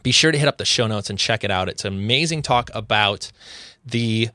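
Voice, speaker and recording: A man's voice: lowish voice, brisk, bright, forceful tone, no room sound, studio quality. A man hosting a podcast in casual chat, rambling and often restarting his sentences. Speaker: podcast host.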